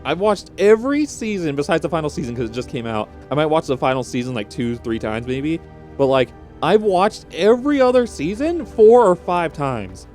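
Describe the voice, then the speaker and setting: A man's voice: fairly high pitch, big pitch swings, normal speed, a little mellow, soft background music. A young man vlogging, rambling and emotional, with frequent restarts and rising exclamations. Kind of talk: unscripted emotional reaction vlog.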